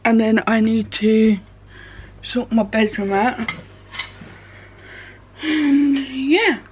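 A woman vlogger rambles casually from her bedroom in a slow, flat delivery. Her voice is on the high side yet darkish in tone and slightly rough. The recording is dull, lo-fi, and made at home.

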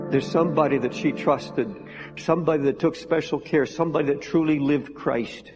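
A pastor with a fairly high voice preaches a sermon at a moderate pace, earnest and pleading and repeating phrases for emphasis. It was recorded live in a large, reverberant church hall with faint music behind him.

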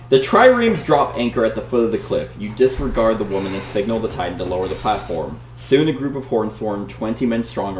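A man casually playing a board game, reading the story aloud with dramatic flair and chatting with his partner. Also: fairly low pitch. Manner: dramatic read-aloud, lively banter. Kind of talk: casual play-through with read-aloud narration. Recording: echoey room, faint hum.

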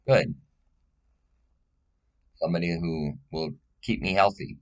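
A man's voice: deep voice, moderate pace, fairly bright tone, muffled recording. A man speaking in a casual personal monologue, rambling and blunt, swearing often and pleading emotionally.

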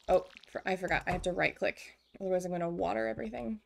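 A woman's voice: on the low side, fairly even intonation, fast, creaky, few pauses, slight background noise. A young woman streaming a farming game, chatting casually and getting distracted. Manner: chatty, easily distracted, self-mocking. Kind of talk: casual gameplay commentary. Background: faint game music.

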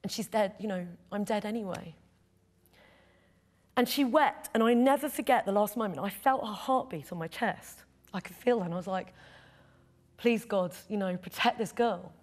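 A woman's voice: mid-range voice, moderate pace, a little mellow. A middle-aged woman, a photojournalist, telling a personal story in an interview, earnest and heartfelt. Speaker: photojournalist guest.

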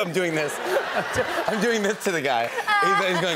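A man hosting a late-night talk show, telling stories in a lively, stammering, laughing way. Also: on the high side, moderate pace, very noisy. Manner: animated, laughing storyteller who stammers and restarts. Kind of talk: casual chat. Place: TV studio stage.

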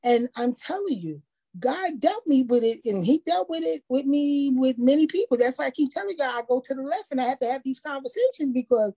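A woman in a faith discussion who talks in a preachy, animated way and acts out quotes. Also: high voice, brisk. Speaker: panelist.

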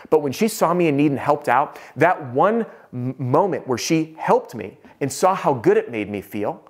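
A man working as a sales trainer, telling a story straight to the camera in an animated way, acting out the quoted lines and dropping to a murmur for whispered parts. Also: medium pitch.

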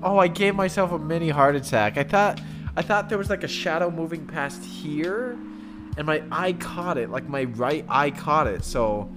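A man's voice: on the high side, normal speed, over music. A man streaming a horror game, nervously commenting and talking to his chat.

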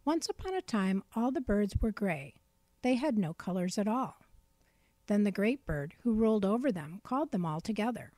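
A woman narrating a children's storybook in a gentle, clear read-aloud manner. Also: mid-range voice, sing-song, normal speed, no echo.

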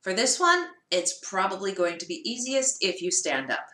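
A woman's voice: medium pitch, big pitch swings, moderate pace, pushed and bright, reverberant. A woman teaching a music lesson for children, encouraging and chanting the song rhythmically.

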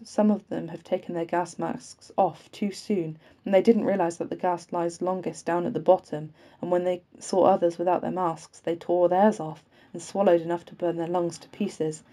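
A woman reading a war novel aloud as an audiobook, in a steady reading voice with occasional slips and restarts. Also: on the low side. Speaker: audiobook reader.

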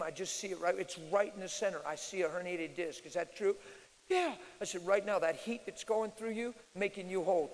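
A male preacher teaching at a live church Q&A, swinging from loud declarations to quiet asides. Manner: emphatic, shifts from loud declarations to low asides. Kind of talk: sermon-style Q&A teaching. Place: large church hall, live audience. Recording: reverberant hall.

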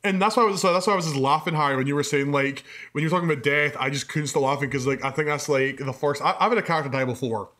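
A young man co-hosting a podcast, telling a story in casual chat, animated and profane, laughing as he goes. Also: fairly high pitch, very fast, few pauses. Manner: animated, swears a lot, laughs mid-sentence. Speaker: podcast co-host.

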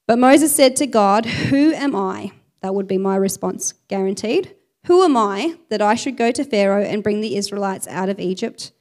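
Woman preacher, expressive sermon delivery, medium pitch. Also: moderate pace. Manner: expressive, reads scripture aloud with emphasis.

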